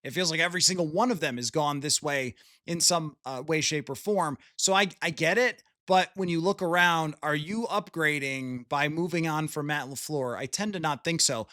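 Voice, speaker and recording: Man, podcast host, chatty, laughing often, bright tense tone, fairly high voice, dry sound. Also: normal speed, few pauses, no room sound. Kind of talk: casual sports chat.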